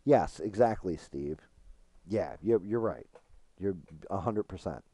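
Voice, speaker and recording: A middle-aged man chats loosely through a game stream, frank and rambling, with casual swearing. His voice sits very low and sounds mellow and dark. It comes across close and dry, with no room sound. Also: lively intonation, slow pace, slightly rough, no room sound. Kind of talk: casual gaming stream chat.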